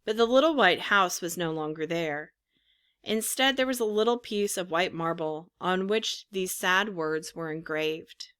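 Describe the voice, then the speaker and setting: A woman narrating a storybook in an expressive reading style. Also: lowish voice, a little slow, clean tone. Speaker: audiobook narrator. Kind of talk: scripted narration.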